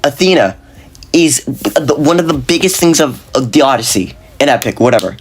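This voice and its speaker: Man, casual video review, excitable rant, slang and fillers, voice jumps when exasperated. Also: mid-range voice, normal speed, slight background noise. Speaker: movie reviewer.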